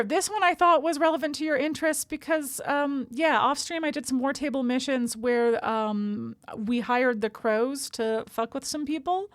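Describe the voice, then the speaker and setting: A woman streamer chats casually over a game, rambling and self-deprecating with plenty of fillers. Her voice is a touch high. The sound is dry and close to the mic. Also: no echo.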